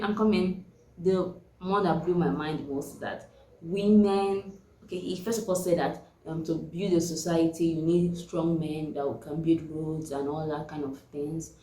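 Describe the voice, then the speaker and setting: A young woman, chatting casually and animatedly as she reviews a book on her vlog. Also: on the low side. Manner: chatty and animated, laughs often. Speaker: book vlogger. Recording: echoey room.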